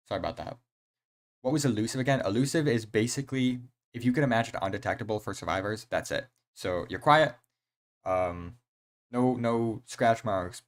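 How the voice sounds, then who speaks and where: A young man streaming a horror game, chatting casually in an excitable, rambling way full of slang and fillers. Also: lowish voice. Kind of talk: casual live-stream chat.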